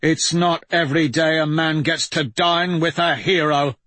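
A man putting on a loud, hearty host of a feast. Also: on the high side, steady tone, measured pace, no echo, pitched above the performer's own voice.

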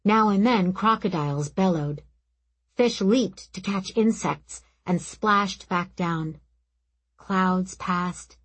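A woman reading a fantasy novel aloud in calm, even scripted narration. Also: mid-range voice, husky, poor audio. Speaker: audiobook narrator.

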